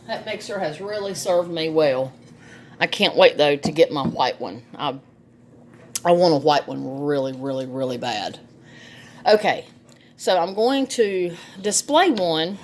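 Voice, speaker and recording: A woman's voice: on the low side, a little hiss or hum. A middle-aged woman, chatting folksily through a cooking demonstration in her home kitchen and laughing often. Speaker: home cook, vlog host.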